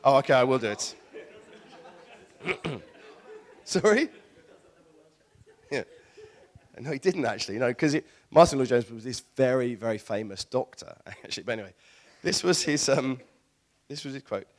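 A man preaching a sermon in church, animated, with laughing asides and repeated words. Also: medium pitch, normal speed, long pauses. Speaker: pastor.

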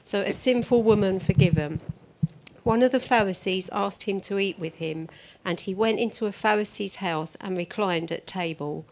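A woman reading a Bible passage aloud to a church group in a steady, measured way. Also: mid-range voice, slight background noise. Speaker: scripture reader.

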